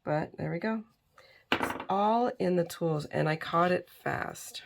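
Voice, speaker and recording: A woman's voice: on the low side, slow pace, gravelly, noisy background. A middle-aged woman hosting a crafting video, chatting casually while she works and sounding tired. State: tired and yawning. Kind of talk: casual crafting tutorial chat.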